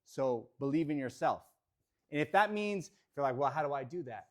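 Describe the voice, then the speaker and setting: A man with a voice on the high side addresses his real estate team in an office, talking a little fast. His motivational speech is energetic, alternating quiet reflection with shouted affirmations.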